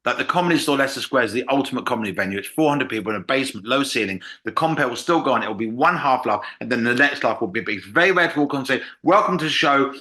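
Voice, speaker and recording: A man's voice: medium pitch, racing, few pauses. An English man, a comedian, chatting casually on a podcast and acting out quotes as he tells stories. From England. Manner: animated storyteller, acts out quotes. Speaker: comedian guest.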